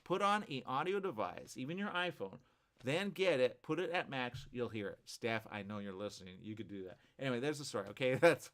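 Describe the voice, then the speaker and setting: A man hosting a live morning show, rambling through animated asides full of restarts. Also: mid-range voice, a little fast. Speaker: host.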